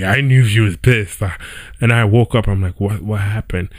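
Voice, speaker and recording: A man's voice: lowish voice, normal speed, no echo. A young man hosting a podcast, telling a story in a loose, chatty way, often checking in with "right?" and "yo". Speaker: podcast host. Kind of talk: casual storytelling monologue. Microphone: home setup with squeaky chair.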